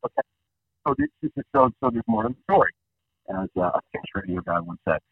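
A man in his fifties, a guest calling in, telling rambling nostalgic stories in an animated way. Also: sits high, quick pace, vocal fry, breathy edge, no room sound. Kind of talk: casual storytelling. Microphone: phone line. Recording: dull phone-call audio.

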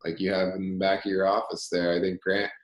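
A young man, a company founder, talking as a guest in a casual interview, telling energetic stories and acting out dialogue. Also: low-pitched, a little fast. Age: young adult. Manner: energetic storyteller, repeats phrases, acts out dialogue. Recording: roomy echo.

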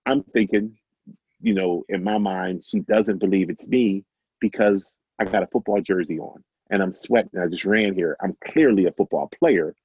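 Deep husky man, middle-aged, casual storytelling, dry slightly muffled sound. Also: moderate pace, dry recording. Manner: animated, self-amused, acts out dialogue. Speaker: guest storyteller.

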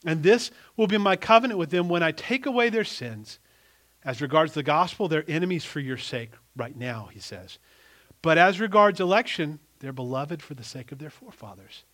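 A middle-aged male pastor preaching a sermon, emphatic and animated, often restarting his sentences. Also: on the high side, normal speed.

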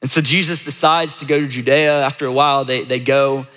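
Bright-voiced man preaching in a hall. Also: medium pitch, flat delivery, brisk. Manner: conversational, emphatic repetition. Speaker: pastor. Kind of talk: sermon. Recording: echoey hall reverb.

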